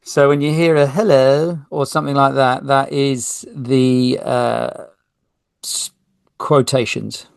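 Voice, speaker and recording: A man's voice: medium pitch, little pitch movement, slow, gravelly, clean tone, dry recording, studio quality. A man hosting a solo podcast, talking casually and reading an article aloud with small slips. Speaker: podcast host.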